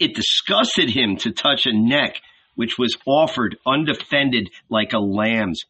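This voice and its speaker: Husky, slow male audiobook narrator. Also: on the low side, pushed and bright, lo-fi sound. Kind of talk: scripted narration.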